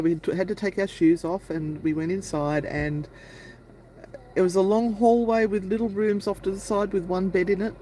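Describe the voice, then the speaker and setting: A woman's voice: on the low side, warm tone, slight background noise, low-quality recording. A woman co-hosting a live stream, telling a long travel anecdote in a chatty, rambling way. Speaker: paranormal channel co-host. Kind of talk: casual live-stream storytelling.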